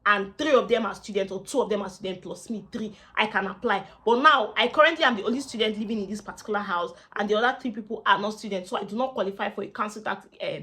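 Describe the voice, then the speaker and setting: A young Nigerian woman talks straight to camera, giving friendly practical tips to students. She rambles, repeats phrases for emphasis and drops in pidgin. Her voice sits at a medium pitch. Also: fast, hardly any pauses, bright, forceful tone. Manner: chatty, repeats herself, mixes in pidgin asides. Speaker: student vlogger. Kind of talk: casual advice vlog.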